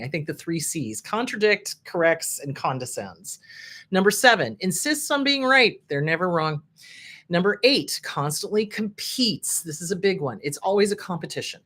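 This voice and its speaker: A woman's voice: fairly low pitch, a bit bright. A middle-aged woman therapist hosting a casual advice talk, frankly riffing on a list she reads out. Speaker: host, therapist.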